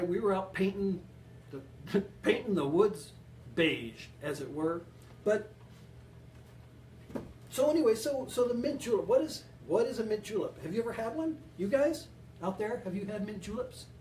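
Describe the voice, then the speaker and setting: Rambling joking man with a high voice. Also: expressive, moderate pace, a little mellow, slight background noise. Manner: rambling, joking, talks to viewers. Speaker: home bartending show host. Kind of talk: joking casual cocktail demo. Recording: echoey room, distant mic.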